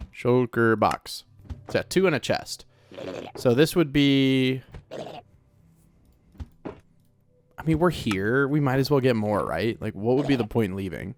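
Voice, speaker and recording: A man with a medium-pitched voice hosts a video game let's play, chatting casually, laughing often, and talking back to the game. Game music plays underneath, with slight background noise.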